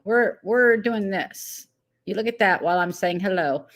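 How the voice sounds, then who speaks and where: A woman's voice: mid-range voice, measured pace. A woman hosting a casual live stream, chatting loosely, laughing easily and greeting viewers one by one by name. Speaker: livestream host.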